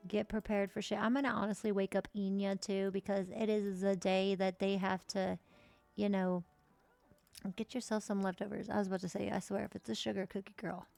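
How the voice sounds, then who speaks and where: Chatty woman streamer with a gravelly voice. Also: mid-range voice, flat delivery, fairly quick, a little mellow, soft background music. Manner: chatty, swears casually, mutters asides. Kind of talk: casual gameplay commentary.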